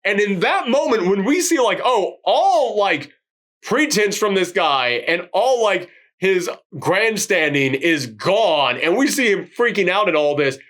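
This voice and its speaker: Animated man with a high voice. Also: unhurried. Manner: animated, swings between loud outbursts and low voices for quotes. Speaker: podcast co-host reviewing a film. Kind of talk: excited casual chat.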